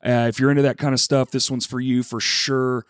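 A man hosting a podcast, reading a casual sponsor plug and introducing his guest with loose, profane, self-mocking banter while clearing his throat now and then. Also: mid-range voice, level tone, a little fast, dry recording, studio quality. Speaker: podcast host.

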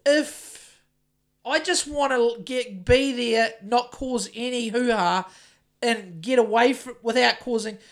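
A man's voice: very high-pitched, fairly bright tone. Rambling sweary New Zealand guy. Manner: rambling and sweary, full of restarts. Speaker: podcast co-host, house painter. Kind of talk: casual chat.

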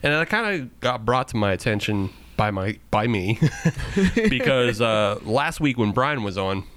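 A man's voice: medium pitch, sing-song, measured pace, a bit bright, no room sound. A man hosting a casual beer-tasting podcast, joking and laughing often as he talks. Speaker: podcast host.

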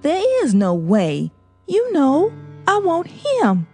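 A woman voicing an anguished young woman who speaks in a high, trembling, pleading voice. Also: huge pitch swings, takes it slowly, warm tone, faint music behind, exaggerated voice.

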